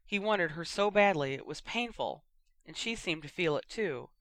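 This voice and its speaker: An audiobook narrator giving a steady, expressive reading of a fiction story. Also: medium pitch, normal speed, no echo.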